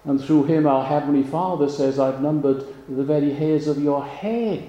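A man preaching a sermon in a slow, measured way, leaning on pauses for emphasis. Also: fairly high pitch, mellow, highs cut off. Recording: roomy, echoey sound.

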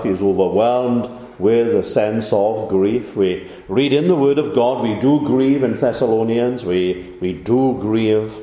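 Male preacher, lowish mellow voice, measured with many pauses, echoey hall. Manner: measured delivery with frequent "uh" pauses, rising for emphasis. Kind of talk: sermon.

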